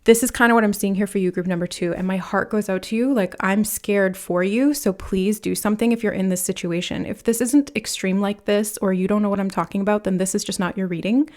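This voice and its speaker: Animated woman giving a tarot reading. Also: medium pitch, a little fast, few pauses. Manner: animated, talks with many fillers and acts out quoted voices. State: nervous, laughing from nerves. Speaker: tarot reader. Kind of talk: pick-a-card tarot reading.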